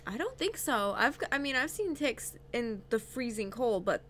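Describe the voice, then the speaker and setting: A frank woman co-hosts a casual live dog-training Q&A, reading viewer comments aloud. Her voice is bright and slightly high, and her talk is relaxed. A faint noise runs under the recording. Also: moderate pace.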